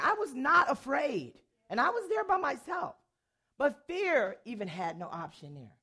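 A middle-aged woman giving a testimony sermon to an audience, a dramatic storyteller who laughs often and swings between loud and hushed. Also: sits high, very animated, a little slow.

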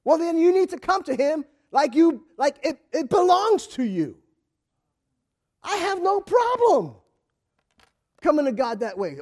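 A male preacher delivers a fervent sermon in an unusually high voice. He talks straight to his listeners, building from quiet asides to ringing shouts. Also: sing-song, a little slow, long pauses. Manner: impassioned, rising to shouts, speaking straight to the congregation.

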